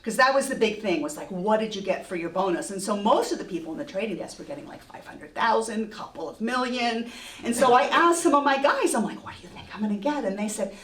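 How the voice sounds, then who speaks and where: A woman telling a true story on stage, lively and self-mocking, often laughing. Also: medium pitch, fast. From Texas. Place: museum event space before an audience. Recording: echoey room, voice from far off.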